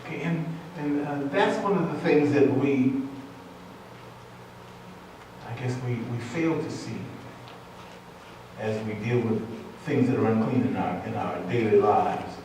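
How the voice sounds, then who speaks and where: A man preaching a sermon as pastor, speaking deliberately and emphatically and repeating key words for weight. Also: mid-range voice, darkish tone, slight background noise. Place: church sanctuary. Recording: echoey church hall, voice from a distance.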